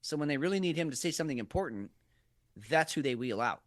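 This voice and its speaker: A man co-hosting a podcast in casual political chat, animated and profane, acting out quoted voices. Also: on the high side, fast talker, dry recording, studio quality. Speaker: podcast co-host.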